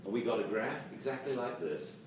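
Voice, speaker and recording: A man giving a lively, jokey lecture on dog training to a live audience, acting out quotes as he goes. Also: medium pitch, a little fast. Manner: animated, jokey, acts out quotes. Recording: roomy, distant camera mic with hiss.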